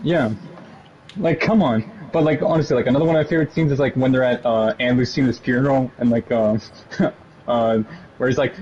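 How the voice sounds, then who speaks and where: A young man with a medium-pitched voice chatting in a relaxed way with a friend, chuckling as he quotes favorite scenes. Faint background noise runs under his voice. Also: a little fast, highs cut off. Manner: laid-back, chuckles, quotes movie lines. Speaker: co-host friend on the stream. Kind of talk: casual chat.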